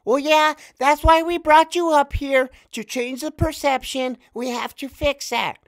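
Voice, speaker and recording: A man voicing a fake-friendly woman boss in a high, sugary, giggling voice. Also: steady tone, unhurried. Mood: fake sweet.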